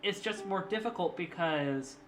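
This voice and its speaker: A man's voice: high voice, moderate pace, a bit bright. A young man streaming casually, chatty and eager to explain, laughing often. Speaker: streamer and artist. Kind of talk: casual live-stream chat. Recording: clear background music.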